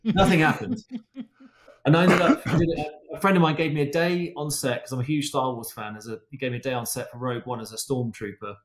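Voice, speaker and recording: A man's voice: mid-range voice, fairly even intonation, fast, hardly any pauses, a little hiss or hum. Chatty man telling stories, echoey room. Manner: chatty storyteller with frequent restarts and fillers. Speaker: guest stunt and racing driver. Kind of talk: casual anecdotal podcast talk.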